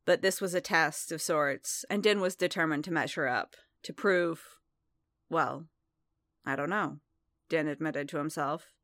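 A woman narrating a story in a measured, intimate reading. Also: low voice, a bit bright, no echo. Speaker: reader. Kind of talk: scripted narration of fan fiction.

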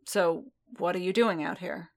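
A woman's voice: lowish voice, a little slow, vocal fry. A woman reading the lines of an exhausted, blunt armored male warrior who presses his questions sharply.

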